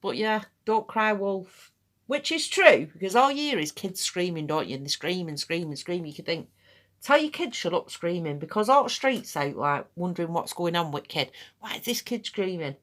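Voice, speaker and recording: Woman, middle-aged, slightly low voice, casual rambling chat, blunt. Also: sing-song, normal speed, a bit bright. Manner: rambling, chatty, blunt and swearing. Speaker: aesthetics practitioner. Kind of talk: casual chat while demonstrating.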